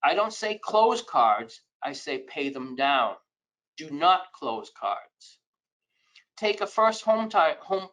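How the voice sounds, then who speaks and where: A man's voice: on the high side, a bit bright, rough recording. A man presenting a financial webinar in a conversational lecture style, giving emphatic advice with frequent asides.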